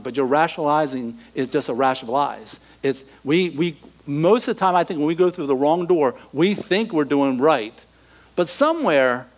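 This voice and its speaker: A middle-aged male pastor preaching a sermon, animated, acting out quoted voices and dropping to soft asides. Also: fairly high pitch, rough recording.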